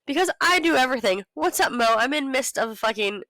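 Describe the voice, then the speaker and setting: Swearing constantly, a thirty-something woman vents and spins animated stories while co-hosting a laid-back podcast. Her voice sits high and moves fairly quickly; the poor-quality recording carries no room sound.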